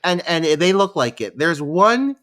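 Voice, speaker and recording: A man's voice: a little high, very animated, measured pace, fairly bright tone. A man co-hosting a film podcast, joking and self-deprecating in casual chat. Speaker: podcast co-host.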